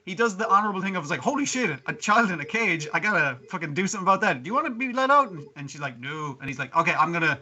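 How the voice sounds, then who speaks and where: A man's voice: fairly high pitch, very fast, few pauses, bright, forceful tone, muffled recording. A man co-hosting a podcast, recapping an anime episode in casual chat, swearing and laughing as he quotes the characters. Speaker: podcast co-host.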